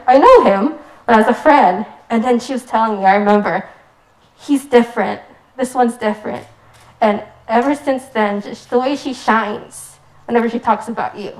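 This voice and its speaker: A woman's voice: fairly high pitch, darkish tone, rough recording. A young woman from the United States giving a rambling, giggly wedding toast with lots of "like.". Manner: giggly, rambling, says "like" often.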